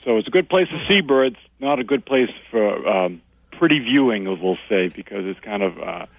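Husky man on a dull phone line. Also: lowish voice, animated, normal speed, dry recording. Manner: easygoing, rambling, many fillers. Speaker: regular birding expert. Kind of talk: casual phone-in chat.

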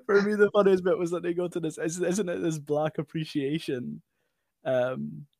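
A man's voice: fairly high pitch, steady tone, gravelly, a little mellow, dry recording, clean studio sound. A man co-hosting a podcast, chatting casually about a film with many restarts and fillers. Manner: halting, many restarts and fillers, laughs often. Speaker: podcast co-host.

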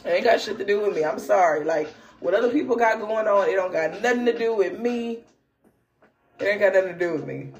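Young woman, podcast host, casual storytelling, slangy, laughs a lot, animated exclamations. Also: medium pitch, fairly quick. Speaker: podcast host and spiritual reader. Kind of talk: casual storytelling and card reading.

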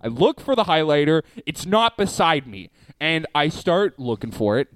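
A young man from Canada co-hosting a casual podcast, an animated storyteller who laughs and swears often. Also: fairly high pitch, moderate pace, no echo. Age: young adult. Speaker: podcast co-host. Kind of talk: casual chat.

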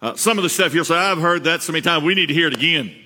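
Earnest pastor in a reverberant hall. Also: male voice, a little high, rapid-fire, bright, forceful tone, a little hiss or hum. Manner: earnest, repeats words and rises for emphasis. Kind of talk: sermon. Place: church sanctuary.

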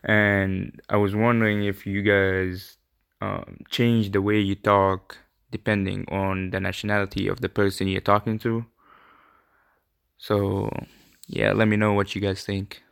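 A man from Egypt, raised in the UAE, asking a question in a relaxed, hesitant voice message. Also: fairly low pitch, measured pace, gravelly, smooth, no room sound, clean studio sound. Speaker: listener sending a question. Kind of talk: recorded voice message.

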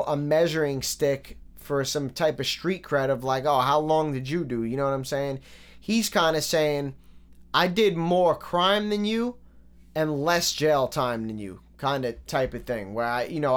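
A man giving a casual, analytical breakdown of rap lyrics, relaxed and full of fillers. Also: fairly high pitch.

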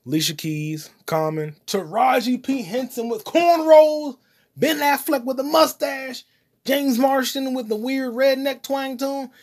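Profane rambling man hosting a podcast. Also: measured pace. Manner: profane, loud swings in volume and pitch; eating popcorn while talking. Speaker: podcast host. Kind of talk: rambling solo comedy podcast.

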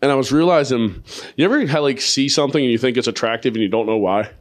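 A man's voice: mid-range voice, fast talker. A man hosting a podcast, a comedian chatting crudely, with lots of profanity and jokes. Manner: profane, joking, storytelling. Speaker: podcast host. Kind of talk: crude casual chat.

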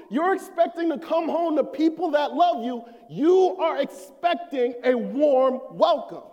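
A man preaching a sermon as an associate minister, swelling to shouts and dropping low. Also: long reverb tail.

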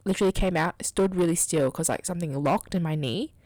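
A woman's voice: lowish voice, quick pace, darkish tone, no echo. A young woman co-hosting a podcast, chatting casually in a blunt, mock-offended way and swearing freely. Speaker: podcast co-host. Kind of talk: casual chat.

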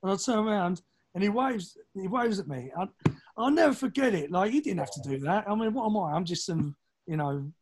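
A middle-aged man from East London with a London accent, telling anecdotes as a podcast guest, animated and acting out the voices of people in his stories. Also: sits high, a little fast, a little hiss or hum. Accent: London English. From East London, England. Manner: animated, acts out quoted voices, swears casually. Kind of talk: casual storytelling.

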